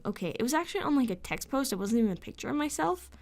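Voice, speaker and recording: A woman's voice: high voice, sing-song, racing. A sleepless woman venting in a vlog, ranting with frustration and sarcasm, swearing often and sometimes dropping into a whisper. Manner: drops into whispers at times. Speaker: vlogger. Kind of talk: late-night venting vlog.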